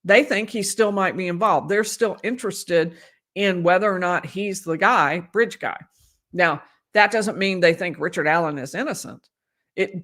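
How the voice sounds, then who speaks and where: A woman's voice: on the low side, a bit bright. A woman lawyer giving conversational live commentary on a court case, losing her voice and often restarting her sentences. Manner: conversational, restarts and emphatic asides.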